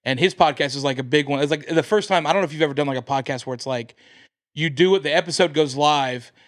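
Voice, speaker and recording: Animated American man telling a story. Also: fairly high pitch, fast. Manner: animated, acts out quoted voices. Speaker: comedian guest. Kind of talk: casual podcast storytelling.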